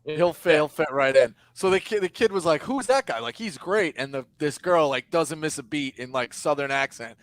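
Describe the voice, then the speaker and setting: A man's voice: on the high side, normal speed, hardly any pauses, dry recording. A man on a casual sports podcast, telling a funny story through laughs.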